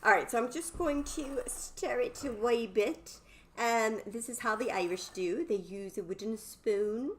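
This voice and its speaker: A woman's voice: fairly high pitch, measured pace. A bubbly, chatty woman hosts a live cooking stream from her home kitchen and talks to her viewers. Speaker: cooking livestream host.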